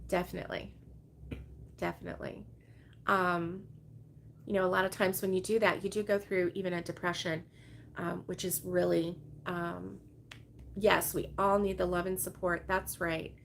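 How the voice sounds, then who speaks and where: A woman's voice: on the low side, level tone, moderate pace, gravelly, a little hiss or hum. Chatty woman hosting a crochet stream. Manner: rambling, chatty, laughs often. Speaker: crochet channel host. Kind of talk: casual livestream chat reading viewer comments. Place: her home, with dogs around.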